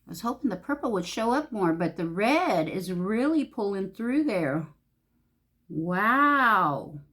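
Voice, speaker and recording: Speaking slowly in a medium-pitched, slightly bright, sing-song voice, this woman is a beauty vlogger from Los Angeles, California. She gushes and mutters to herself while putting on makeup during a casual tutorial.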